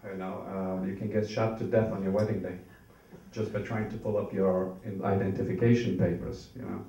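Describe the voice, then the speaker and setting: A young man from Norway doing a stand-up set in a comedy club, nervous and halting with lots of fillers. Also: low voice, flat delivery, mellow. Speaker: stand-up comic. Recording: echoey club, mic heard from far. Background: audience laughter.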